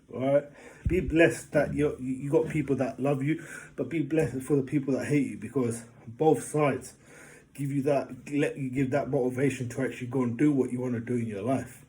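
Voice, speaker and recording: A man giving a casual motivational talk, rambling and often asking if the listener knows what he means, getting animated in funny stories. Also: mid-range voice, normal speed. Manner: rambling, keeps asking "do you know what I mean". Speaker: motivational vlogger.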